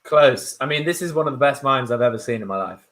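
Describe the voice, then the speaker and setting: A man's voice: medium pitch, lively intonation, fast, fairly bright tone. A man improvising comedy, quizzing and prodding his scene partner with frequent laughter.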